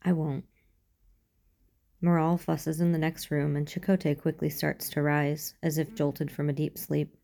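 A woman reads a first-person fan fiction story in a calm, even way. Her voice is low and gravelly, with a dark, mellow tone. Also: normal speed, hardly any pauses. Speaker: audiobook reader.

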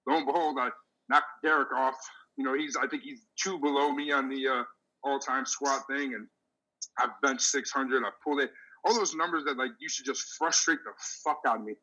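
A middle-aged man, a veteran powerlifter hosting a casual chat, telling stories in a profane, animated way. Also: mid-range voice, brisk, muffled recording. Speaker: podcast host, veteran powerlifter.

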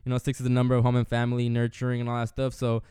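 A man tells a personal story at a quick clip and acts out the voices of his family. His voice is smooth and crisp. The recording is dry, with no room sound. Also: mid-range voice, no room sound. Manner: animated storyteller, acting out relatives' words. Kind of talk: casual chat.

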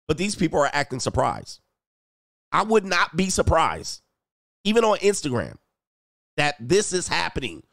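A man's voice: a little high, very animated, moderate pace, gravelly, pauses often, a bit bright, no echo, clean studio sound. A man hosting a reaction commentary channel, blunt and mocking, repeating phrases for emphasis. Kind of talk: reaction commentary on a video clip.

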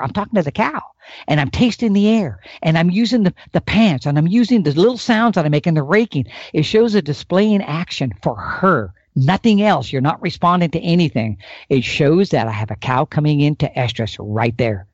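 A man's voice: high-pitched, darkish tone, dry recording, muffled recording. A man on a podcast, an elk calling expert, telling hunting stories with energy and showing calls with his mouth. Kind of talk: animated podcast storytelling.

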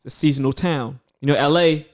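A man from New York talking casually as a podcast co-host, quick and slangy with blunt opinions. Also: a little high, fairly even intonation. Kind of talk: casual chat.

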